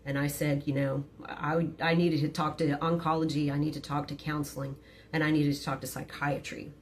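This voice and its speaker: A woman's voice: deep voice, flat delivery, moderate pace, slight background noise. A middle-aged woman, frankly telling a personal story to her phone camera with many hesitant fillers. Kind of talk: candid storytime monologue.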